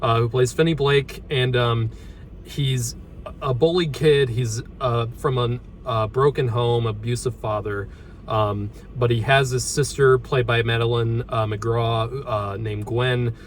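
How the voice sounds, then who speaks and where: Halting man reviewing through a mask. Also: mid-range voice, fairly even intonation, a little hiss or hum. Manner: halting, many ums and restarts; talking through a horror mask. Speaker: movie reviewer, host. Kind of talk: casual movie review chat.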